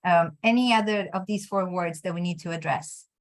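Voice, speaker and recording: Hesitant woman career coach, lowish voice. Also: moderate pace. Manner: encouraging, hesitant, many restarts. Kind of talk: coaching session.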